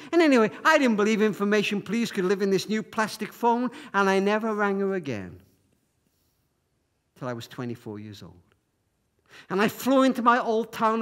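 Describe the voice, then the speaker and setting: A man telling a story to an audience, speaking in a halting way with many repeated words. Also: high-pitched.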